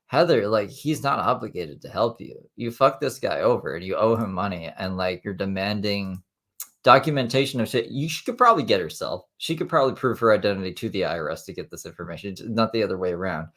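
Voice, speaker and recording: A man with a fairly low voice talks loosely and casually over a live stream. He reads messages aloud and breaks in with blunt, sarcastic, heavily profane remarks. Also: lively intonation, fairly quick, fairly bright tone. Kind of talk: casual commentary reading emails aloud.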